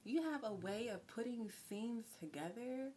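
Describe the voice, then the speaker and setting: A woman doing a live tarot reading, talking in a chatty, effusive way and sometimes dropping to a soft whisper. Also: fairly high pitch, lively intonation, unhurried, a little hiss or hum. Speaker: tarot reader.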